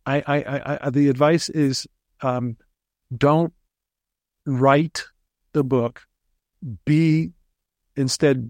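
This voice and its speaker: Man, interview guest, lively storyteller, stumbling restarts, dry recording. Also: mid-range voice, no room sound. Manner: chatty, animated storyteller with frequent restarts. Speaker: ghostwriter guest.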